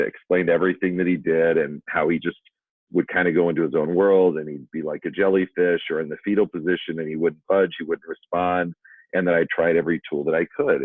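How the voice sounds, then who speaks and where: A former school principal telling a candid, self-deprecating story to educators. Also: male voice, extremely low pitch, no echo. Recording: dry, phone-like narrow sound.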